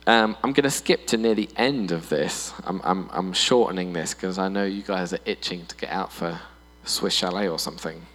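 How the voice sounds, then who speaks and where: A man preaching a sermon in a church hall, animated and playful, often putting on voices for humor. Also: sits low, moderate pace, hardly any pauses. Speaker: pastor. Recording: long reverb in a hall with mains hum.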